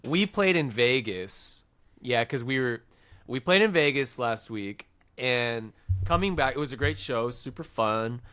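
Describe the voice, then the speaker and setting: A man's voice: mid-range voice, unhurried. A man co-hosting a podcast, telling a travel story in casual chat and acting out what people said. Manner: animated, acts out quotes with voices. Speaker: podcast co-host, touring musician.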